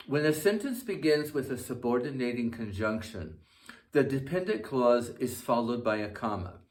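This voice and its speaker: With a mid-range voice, a male English teacher reads a scripted grammar lesson. He dictates the example sentences with slow care, pronouncing every comma aloud.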